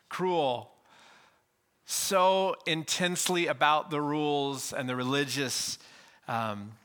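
A man preaching a sermon as a pastor, telling stories in an animated way and acting out the quotes. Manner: animated storytelling, acting out quotes with shifts of pitch.

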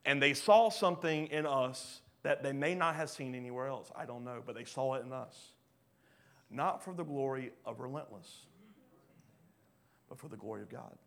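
A pastor preaching a sermon, swinging between loud rising bursts and quiet low drops. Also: male voice, normal speed, gravelly. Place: church hall.

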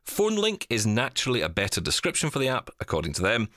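A man's voice: mid-range voice, huge pitch swings, fast talker, bright, forceful tone, no room sound, clean studio sound. A man hosting a casual podcast panel chat, rambling and self-deprecating. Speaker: podcast host.

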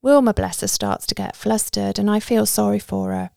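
A woman's voice: mid-range voice, fairly even intonation, moderate pace, vocal fry, darkish tone, no room sound, clean studio sound. A woman narrating a story in a conversational first-person way.

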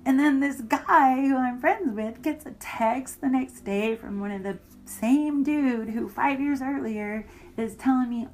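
A woman's voice: high-pitched, unhurried, few pauses, slight background noise, low-quality recording. A woman in an interview, bluntly recounting a personal story with heavy profanity and indignant emphasis.

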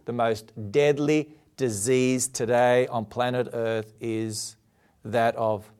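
A man's voice: mid-range voice, steady tone, slow pace, a little mellow, clean tone. A male preacher giving a televised sermon, earnest and emphatic, asking rhetorical questions. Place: TV studio.

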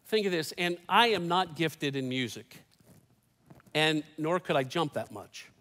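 A man's voice: a little high, expressive, measured pace, a bit bright, long reverb tail. A man in his fifties, a pastor giving a sermon in a church, telling stories with folksy, humorous asides. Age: 50s. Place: church sanctuary.

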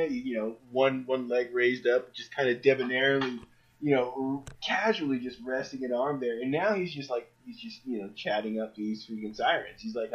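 A man co-hosting a comic-book podcast, animated and acting out characters' lines in paraphrase. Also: mid-range voice, moderate pace, breathy edge. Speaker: podcast co-host. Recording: dull lo-fi mic.

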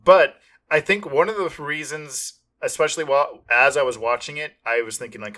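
Bright-voiced man chatting about movies. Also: fairly high pitch, moderate pace. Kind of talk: casual movie review chat.

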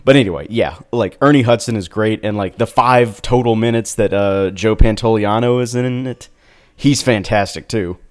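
A man's voice: fairly low pitch, normal speed. A man chatting casually about movies as a podcast co-host, rambling with lots of fillers. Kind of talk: casual film chat.

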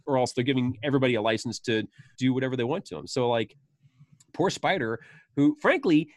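A man hosting a laid-back podcast in a dry, close-miked sound, his voice sitting at an ordinary middle pitch. He talks casually and animatedly, jumping into high, excited impressions whenever he quotes a line. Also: brisk, no echo. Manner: animated, acts out quoted lines with sudden high bursts. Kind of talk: casual chat about a film.

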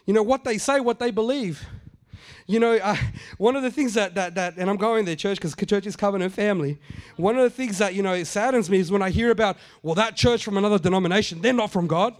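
A middle-aged pastor preaches quickly in a raised, light voice, addressing his congregation conversationally. He stumbles into asides, acts out the quotes he cites, and hammers points home by repeating phrases twice.

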